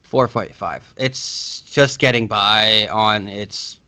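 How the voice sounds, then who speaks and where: A man's voice: lowish voice, takes it slowly, pushed and bright, smooth. A man co-hosting a casual movie podcast, rambling with frequent restarts and swearing. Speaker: podcast co-host.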